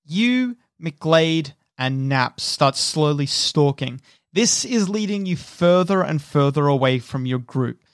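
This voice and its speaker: A man narrating as game master in a tabletop role-playing game, unhurried and descriptive, with frequent restarts. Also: fairly high pitch, animated, no room sound, clean studio sound.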